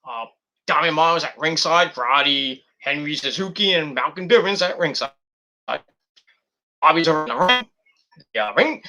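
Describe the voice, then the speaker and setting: A man casually recapping a wrestling show in a vlog, animated and swearing freely as he acts out what people said. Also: fairly high pitch, moderate pace.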